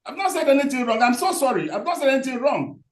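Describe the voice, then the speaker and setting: A man's voice: extremely high pitch, big pitch swings, fast talker, crowd noise. A man, a lawyer addressing the court, stammering and apologetic. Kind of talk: courtroom proceedings. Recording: roomy courtroom echo.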